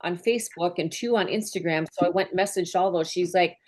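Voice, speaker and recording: A woman's voice: lowish voice, a little fast. A woman business mentor speaking to her team on a group call, earnest and openly emotional in a conversational way. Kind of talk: heartfelt talk on a group call.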